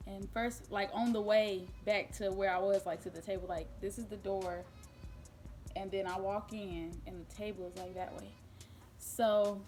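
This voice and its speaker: A young woman spins a casual storytime for her vlog in a chatty, animated way, full of fillers and quick laughs. Her voice sits at a middling pitch for a woman. Faint music plays behind her. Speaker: vlogger. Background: faint background music.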